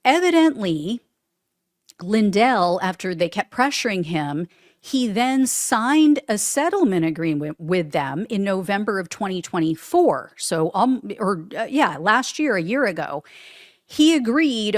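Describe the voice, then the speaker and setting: A woman's voice: medium pitch, very animated, measured pace, dry recording, clean studio sound. A woman hosting a political commentary show, talking casually and sarcastically, often laughing at her own remarks.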